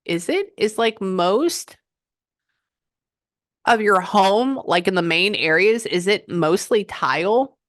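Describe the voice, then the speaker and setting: A woman working as a psychic medium, giving a client a reading and passing on messages in an animated, chatty way. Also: mid-range voice, takes it slowly, dry recording, clean studio sound. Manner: animated, relays messages in quotes, frequent "hold on".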